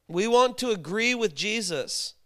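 Male preacher, high voice, smooth and resonant, storytelling sermon, rhetorical questions. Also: lively intonation, a little slow, a bit bright.

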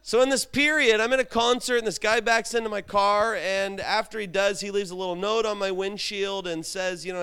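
A man preaching a sermon, with animated, humorous storytelling. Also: sits high, a little fast, few pauses, smooth. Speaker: pastor.

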